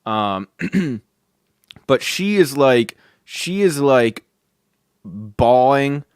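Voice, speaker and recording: A man's voice: mid-range voice, very animated, drawn-out words, smooth, dry recording, clean studio sound. A man hosting a podcast who tells a story in a casual way, with many fillers and free swearing. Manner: chuckling, swears freely, filler-heavy. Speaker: podcast host.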